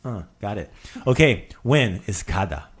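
A man's voice: on the low side, expressive, unhurried, breathy edge. A middle-aged man hosting a casual podcast lesson, joking and repeating words for practice. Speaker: language teacher and host.

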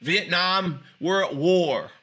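A man voicing his father, a calm and firm coach, in a lower, slower, deliberate tone. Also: breathy edge, heavily acted. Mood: earnest.

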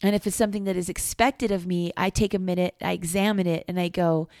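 A woman's voice: fairly low pitch, steady tone, fast talker, a little mellow, no echo. Woman, middle-aged, earnest and reflective, repeats herself for emphasis, candid monologue, dry close mic.

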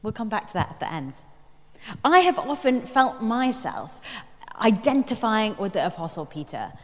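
A woman's voice: on the high side, very animated. Woman preaching in a reverberant hall. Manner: reflective storytelling with pauses and fillers. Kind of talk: sermon.

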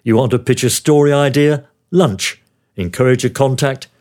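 Reading his own memoir aloud, an older Australian man recalls his years as a news producer, his middle-pitched voice relaxed but moving a little fast. The storytelling is wry and dryly funny throughout.

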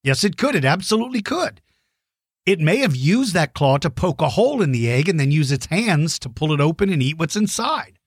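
Guy hosting a kids podcast, kinda high voice, chatty and excited, lots of ums, dry close sound. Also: a little fast, husky, no room sound. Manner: friendly, enthusiastic, with many fillers and restarts. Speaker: podcast host answering children's questions. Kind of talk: casual chat to young listeners.

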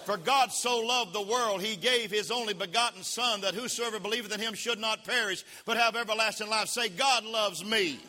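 A man preaching a sermon as pastor, leading the congregation in call-and-response and rising to shouts. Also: high voice, steady tone, fairly quick, few pauses, a little hiss or hum. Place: church sanctuary. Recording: long reverb of a church hall.

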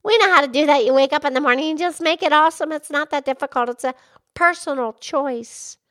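A woman's voice: high voice, brisk, fairly bright tone, dry recording, studio quality. A woman voicing a cheerful, enthusiastic pig who hosts a children's educational show. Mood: upbeat. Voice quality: bubbly, enthusiastic. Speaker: show host.

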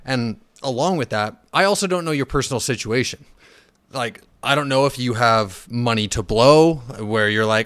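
Here a male finance podcaster speaks alone at normal speed in a medium pitch, with no room sound in the recording. His casual rant is blunt and full of swearing, with fillers and restarts, and he grows animated when riled up.

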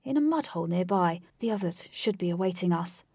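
A woman's voice: on the low side, animated, brisk, creaky, darkish tone, breathy edge, no echo, clean studio sound, exaggerated voice. A woman voicing a teasing young man who jokes with his friends in a storybook reading. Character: teasing young male leader with a pet cat.

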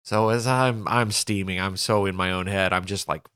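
A man with a low, smooth, resonant voice chats on a podcast. His storytelling is animated and full of laughter. The recording is close and dry. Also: normal speed, no echo. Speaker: golf caddie, podcast co-host. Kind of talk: casual chat.

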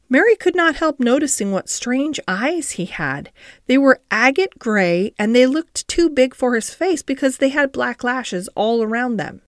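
Expressive woman reading a classic story. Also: mid-range voice, moderate pace, no room sound, studio quality. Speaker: audiobook narrator. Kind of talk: storybook narration.

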